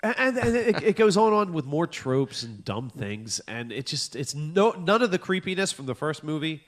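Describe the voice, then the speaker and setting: Animated, profane comedy podcast guy. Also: fairly high pitch, normal speed. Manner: animated, profane, acts out exasperated reactions. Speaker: podcast co-host. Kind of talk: casual comedic chat.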